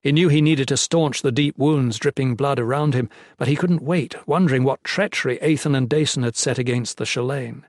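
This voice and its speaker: A man narrating a fantasy audiobook in a steady, even voice of middle pitch. The sound is close and dry, with no room around it. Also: brisk, hardly any pauses, no echo.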